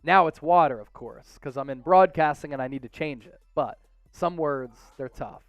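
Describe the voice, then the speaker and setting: A man with a Philadelphia accent hosts a live sports stream in casual chat, his voice pitched fairly high and smooth, resonant. He gets excitable and loud when hyping donations. The sound is dry and close, with faint music underneath. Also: moderate pace, no room sound. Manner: excitable, hypes viewer donations with loud outbursts. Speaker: sports show host.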